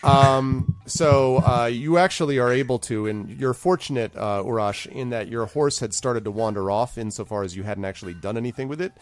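A man narrating as game master of a tabletop game, relaxed and rambling with many fillers. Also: medium pitch, brisk, hardly any pauses, dry recording.

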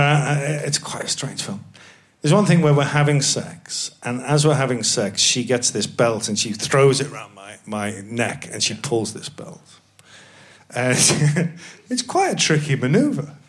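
A man's voice: fairly high pitch, fairly bright tone, slight background noise. A man, an actor guest, telling rambling, self-mocking anecdotes in a casual chat with many restarts. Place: live podcast stage.

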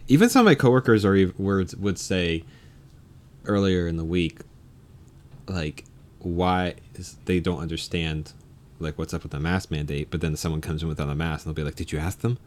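Man, very low voice, casual profane chat. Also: normal speed, long pauses. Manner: profane, animated storytelling.

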